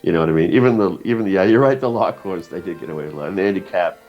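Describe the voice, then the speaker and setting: Man, low voice, profane rambling storyteller, slightly dull lo-fi audio. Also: rapid-fire, soft background music. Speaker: guest cartoonist. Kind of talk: casual podcast conversation.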